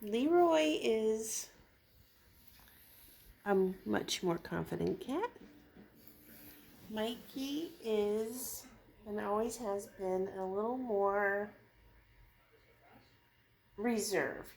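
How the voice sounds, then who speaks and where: A woman hosting a home vlog channel, chatting casually and softly coaxing her kittens indoors. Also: mid-range voice, animated, vocal fry. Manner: soft, coaxing, slow-paced talk.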